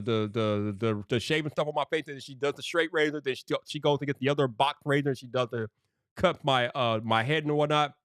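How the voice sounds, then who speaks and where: A man telling a casual story as a streamer host, animated and slangy, full of "bro". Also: a little high, no echo, clean studio sound.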